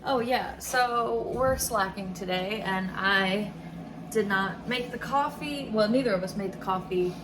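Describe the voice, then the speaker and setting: A woman's voice: medium pitch, a little slow, background noise. A woman co-hosting a casual podcast from her home kitchen, laughing often and swearing casually. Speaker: podcast co-host. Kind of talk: casual chat.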